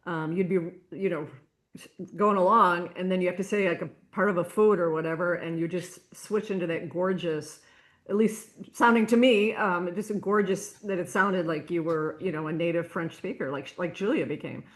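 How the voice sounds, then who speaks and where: A woman's voice: on the low side, steady tone. A woman interviewing an audiobook narrator, asking her questions hesitantly with many fillers and offering short agreements. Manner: warm backchannels, halting questions with fillers. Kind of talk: casual interview conversation.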